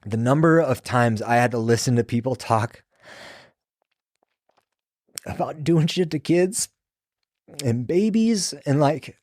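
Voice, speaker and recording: A man's voice: mid-range voice, expressive, takes it slowly, pauses often, a little mellow, no room sound, studio quality. A man, a former prison sergeant, telling stories in loose, profane casual talk and acting out what people said. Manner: loose and profane, acts out quoted dialogue. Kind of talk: casual storytelling conversation.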